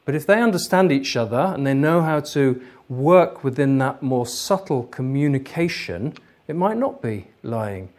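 A man giving an interactive workshop lecture, explaining ideas in a lively way. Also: medium pitch, normal speed, few pauses. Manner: lively, explanatory, laughs easily. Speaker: lecturer, trainer.

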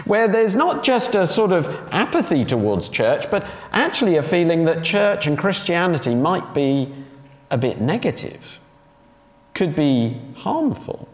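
A man delivering a sermon in a slightly high, very animated voice that rises and falls as he presses each point home. He leans on repetition and rhetorical questions. The sound carries a long, roomy reverb from a church hall. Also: measured pace. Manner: emphatic, repeats key phrases and asks rhetorical questions. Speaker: preacher.

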